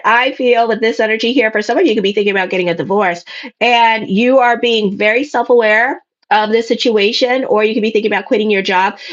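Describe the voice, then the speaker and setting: A woman's voice: mid-range voice, highs cut off. A woman astrologer giving a casual weekly tarot reading in a sassy, blunt way. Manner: sassy, blunt, acts out listeners' voices.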